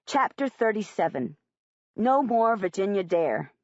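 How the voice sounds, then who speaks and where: Expressive woman audiobook narrator. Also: mid-range voice, a little slow, dry recording. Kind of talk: first-person audiobook narration. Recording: dry, slightly muffled audiobook recording.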